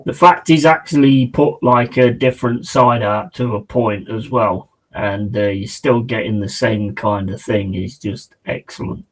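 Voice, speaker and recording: A man chatting excitedly and casually as he hosts a live football watch-along stream. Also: on the low side, a little slow, hardly any pauses, rough recording.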